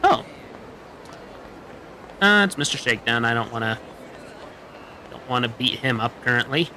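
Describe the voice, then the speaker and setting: A man's voice: medium pitch, lively intonation, normal speed, sharp tone, slight background noise. A man streaming a video game, chatting casually and joking as he plays. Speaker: VTuber streamer. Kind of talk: casual gameplay commentary.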